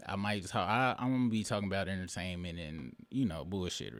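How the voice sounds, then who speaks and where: A man's voice: low-pitched, expressive, brisk, a bit bright, a little hiss or hum. A man in his late thirties hosting his own show, delivering a rambling, profane commentary monologue with emphatic bursts. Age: late 30s. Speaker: show host.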